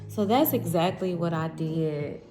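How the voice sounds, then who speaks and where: A woman's voice: fairly low pitch, unhurried, mellow, echoey room, soft background music. A woman giving a spiritual tarot reading, emotional and candid, talking straight to her viewers. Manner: candid, addresses viewers as y'all. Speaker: tarot reader.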